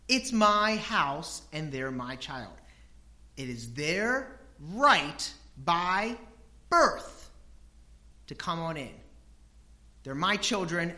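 A middle-aged man delivers a lively sermon in a bright, forceful voice. He swings from quiet, low asides to loud, emphatic peaks. He slips into homely stories about his family to make his point. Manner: animated, emphatic, swings between hushed and loud. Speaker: pastor.

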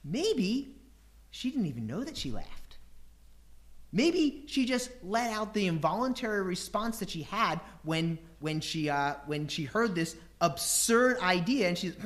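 A man preaches a sermon in an animated way, leaning into rhetorical questions. He acts out voices and bursts of laughter to make his points. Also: high voice, a little slow. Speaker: preacher teaching scripture.

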